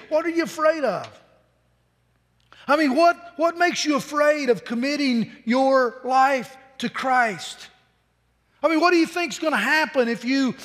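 A very high-pitched man preaches in a plain, conversational way, circling back on his words as he builds each point. His voice rings out with a long hall reverb from a large worship space. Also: fairly bright tone. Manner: earnest, conversational preaching with frequent repeated words. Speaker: pastor. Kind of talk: sermon.

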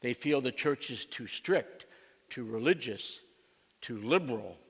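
A man's voice: mid-range voice, animated, unhurried, creaky, breathy edge, in a large hall. A man preaching a sermon as a pastor, mixing a joking personal story with emphatic, repeated lines for his church. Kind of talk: sermon with humorous anecdote. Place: church sanctuary.

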